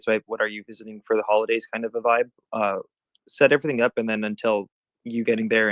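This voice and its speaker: Fast-talking low-voiced male interviewer. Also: no room sound. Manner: loose, searching phrasing with fillers. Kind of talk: casual interview. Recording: dull lo-fi sound.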